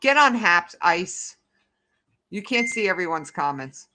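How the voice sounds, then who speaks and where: A woman's voice: on the low side, very animated, measured pace, sharp tone, a little hiss or hum. A woman hosting a casual livestream who answers her chat in a rambling, heated way. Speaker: livestream host.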